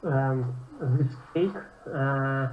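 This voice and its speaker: A student reads example sentences slowly and hesitantly, filling pauses with ums. The voice comes through a tinny, phone-like line with an echoey room behind it and faint noise. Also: mid-range voice. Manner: slow, hesitant, with fillers. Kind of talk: reading examples aloud in a lesson.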